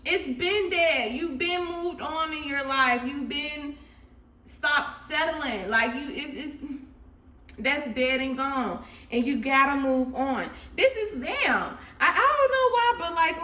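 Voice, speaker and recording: An animated woman talks viewers through a tarot reading in a fairly high, bright voice. She laughs easily and swings between loud bursts and low asides. The sound carries a noticeable room echo. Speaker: tarot reader. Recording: echoey room.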